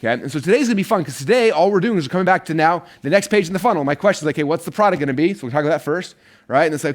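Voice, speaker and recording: Very fast-talking male course instructor. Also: fairly high pitch. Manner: energetic, rambling, many fillers. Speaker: online marketing course instructor. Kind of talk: casual teaching talk.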